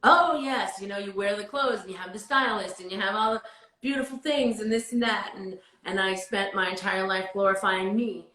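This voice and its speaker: A woman's voice: mid-range voice, moderate pace, sharp tone, echoey room, low-quality recording. A woman guest telling a heartfelt, rambling story about her faith in casual chat. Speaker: guest singer. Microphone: video call.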